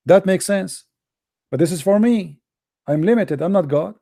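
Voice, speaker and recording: A man's voice: fairly high pitch, normal speed, gravelly, dark tone. Mocking man with an Arabic accent. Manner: mocking and emphatic, broken grammar. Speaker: call-in show host. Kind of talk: polemical religious talk.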